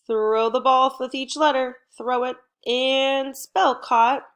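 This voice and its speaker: A middle-aged woman teaches a recorded home lesson to first graders, speaking slowly and clearly for the kids in an upbeat, encouraging way. Her voice is high, with fairly even intonation and a fairly bright tone.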